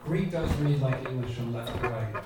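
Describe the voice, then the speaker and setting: Teaching a Bible class before a live audience, a man with a medium-pitched voice goes carefully word by word, deliberately explaining what each means. There's a noisy background, and the audio is roomy, captured from a distance.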